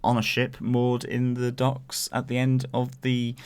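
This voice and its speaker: A man's voice: mid-range voice, monotone, unhurried, darkish tone, clear, resonant tone. A man co-hosting a podcast, chatting casually and searching for words as he rambles through his thoughts. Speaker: podcast co-host. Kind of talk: casual TV review chat.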